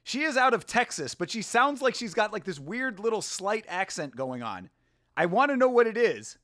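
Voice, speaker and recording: A man chatting casually as he reacts live to a grappling event, excitable and laughing often as he talks to his viewers. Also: high-pitched, moderate pace, dry recording, clean studio sound.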